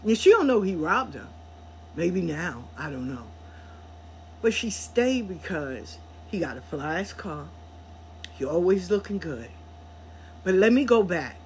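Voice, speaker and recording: A woman hosting a podcast, telling a story in a blunt, profane, animated way. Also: medium pitch, slight background noise. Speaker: podcast host. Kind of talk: casual storytelling monologue.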